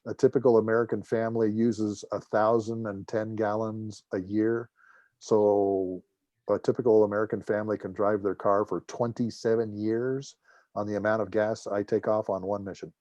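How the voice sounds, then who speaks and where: A middle-aged man with a low voice speaks as a guest lecturer, spinning anecdotes and acting out the voices of the people he quotes. His voice sounds close and dry, with almost no room around it. He keeps a joking, storytelling manner throughout. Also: moderate pace, no room sound. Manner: lively storyteller, acts out dialogue, jokes. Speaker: guest speaker, former air force officer.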